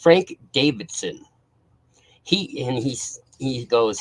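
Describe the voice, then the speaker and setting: A man's voice: mid-range voice, expressive, slow, poor audio. A man hosting a casual live stream, greeting viewers and talking bluntly with plenty of swearing.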